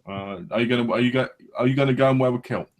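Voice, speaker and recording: Joking, rambling English podcast host. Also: male voice, mid-range voice, steady tone, racing. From England. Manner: joking, rambling, with frequent restarts and swearing. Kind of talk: casual banter.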